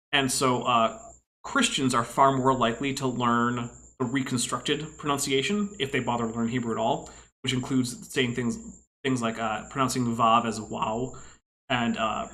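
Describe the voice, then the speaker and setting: A man's voice: medium pitch, sharp tone, rough recording. A man commenting casually on clips, explaining things at length in an analytical way with frequent asides. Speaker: podcast co-host.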